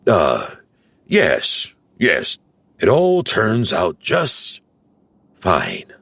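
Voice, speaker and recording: A man's voice: deep voice, huge pitch swings, extremely slow, creaky, a bit bright, husky, no room sound, exaggerated voice. A man voicing a wise old male Smurf village elder who reassures the others and thinks aloud, in a storybook reading. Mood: hesitant.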